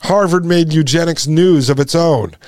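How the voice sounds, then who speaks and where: A man's voice: a little high, moderate pace, a little mellow, dry recording. Indignant man, dry close sound. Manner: indignant, repeats lines, addresses listeners as folks. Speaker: podcast host. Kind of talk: impassioned commentary.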